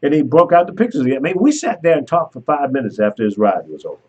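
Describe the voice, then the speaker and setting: A man's voice: fairly high pitch, quick pace, dull audio. A man hosting a talk show, telling a story in casual chat and laughing as he goes. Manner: animated storyteller who laughs while telling. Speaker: radio show host.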